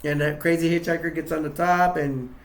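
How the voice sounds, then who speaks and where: A man rambles through a horror film scene by scene, restarting sentences and acting out quotes in a raised voice, using toys in a casual retelling. His voice is on the high side, steady in tone, fairly quick and reverberant.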